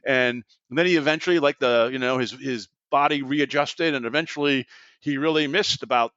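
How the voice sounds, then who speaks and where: A man hosting a podcast, asking questions in a chatty, animated way and laughing easily. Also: medium pitch, brisk, no room sound, highs cut off. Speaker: podcast host. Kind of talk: casual interview.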